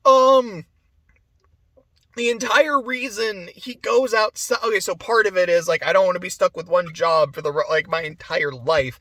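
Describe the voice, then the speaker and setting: A man with a notably high voice talks through a movie review off the cuff, rambling and excitable, swearing freely and laughing between thoughts. The recording is dry and close, with no room sound. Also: moderate pace, no echo.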